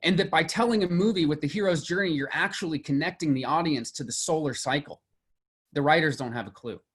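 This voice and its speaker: A man's voice: fairly high pitch, brisk, a bit bright, breathy edge. Man, mythology teacher, lecture, enthusiastic, thinks aloud, fillers and restarts. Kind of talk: lecture to a class.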